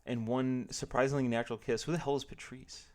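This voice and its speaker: A male streamer chatting casually and reading stories aloud, with an animated, exclaiming manner. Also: medium pitch, fairly quick.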